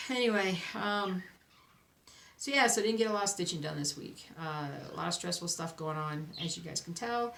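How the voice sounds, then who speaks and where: A woman's voice: lowish voice, moderate pace, vocal fry, fairly bright tone. A young woman, chatting casually to camera in a rambling, self-reassuring way about her week, sounding sleepy. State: sleepy, yawning. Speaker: cross stitch vlogger. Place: home. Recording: echoey room, faint noise.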